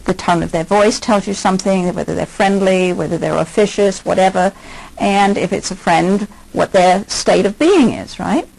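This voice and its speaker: A woman's voice: medium pitch, moderate pace, vocal fry, darkish tone, poor audio. An older woman, a hypnotherapist, giving a conversational lecture and asking her listeners many questions.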